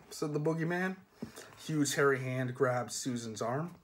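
A man reading a comic fantasy novel aloud in a measured, dry storytelling manner. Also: mid-range voice. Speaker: reader.

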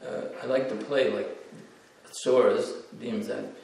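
A man's voice: on the low side, a little slow, creaky. Male lecturer in an echoey hall. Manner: animated, acts out the voices in stories. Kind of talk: devotional storytelling lecture. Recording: echoey hall, distant mic.

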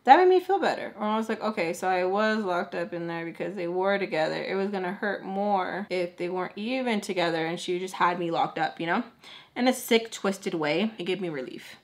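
A young woman telling a personal story in a casual vlog, acting out what people said with big jumps in her voice. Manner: animated, acts out quotes with big pitch jumps. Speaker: storytime vlogger. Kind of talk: casual storytime while doing makeup.

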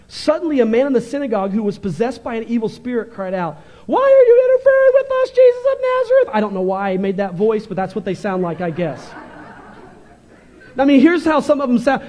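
A male pastor preaching a fervent, animated sermon, moving between loud bursts and quieter stretches. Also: high voice.

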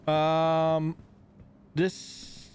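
His voice sits a little high, mellow and clean, but his delivery is completely flat and extremely slow as he streams gameplay live. After dental work left gaps in his front teeth, he lisps slightly, and the painkillers make him rambling, giggly, and easily distracted.

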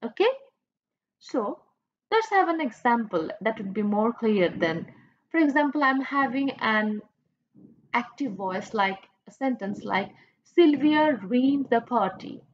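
Woman teacher, Bangladeshi English accent, slow careful delivery, fairly high voice, dull lo-fi recording. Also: animated. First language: Bengali. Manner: slow, patient, asks questions and repeats points. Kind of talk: recorded classroom lecture.

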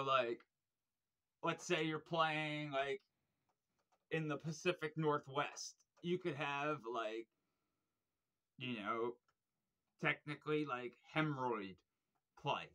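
A young man with a slightly high, pushed and bright voice hosts a record review vlog. He rambles casually, swearing and using lots of fillers, warms up with enthusiasm for the music, and grows frustrated while searching his shelves.

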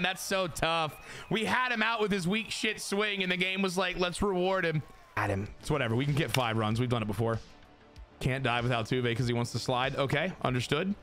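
Excitable man streaming a baseball game. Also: a little high. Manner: excitable, swears, talks to chat. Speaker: gaming streamer. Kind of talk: casual gameplay commentary.

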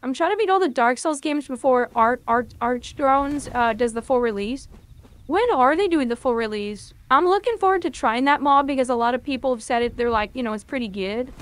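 A woman with a high voice commentates her gameplay live. She is excitable, curses often and chats casually with her viewers between fights. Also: fairly quick. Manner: excitable, swears often, talks to chat. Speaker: game streamer.

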